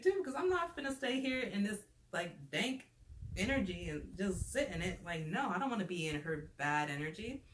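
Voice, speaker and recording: Expressive and fairly bright, this medium-pitched woman tells a storytime at a moderate pace as a vlogger, sounding fed up. She chats casually, using "like" as a constant filler, in a room with echo and faint noise.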